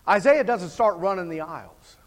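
A man preaching a sermon, swinging from hushed passages to shouted climaxes. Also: high-pitched, animated, moderate pace. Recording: long hall reverb.

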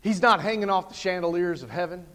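Guy preaching in a big echoey church, goes quiet then shouts, higher voice. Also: quick pace. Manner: swings from hushed to shouting climaxes. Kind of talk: sermon. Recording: long hall reverb.

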